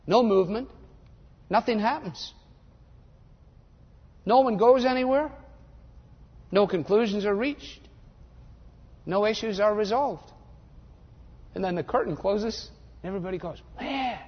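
An older man preaching a sermon, animated and sarcastic, mimicking voices to make his points. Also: sits high. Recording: dull lo-fi audio in a reverberant hall.

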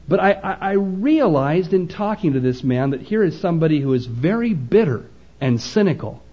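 A man preaches in a slightly high voice, retelling a conversation and driving each point home with emphasis. The recording is dull and lo-fi, as on an old sermon tape. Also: dark tone. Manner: storytelling with quoted dialogue, emphatic.

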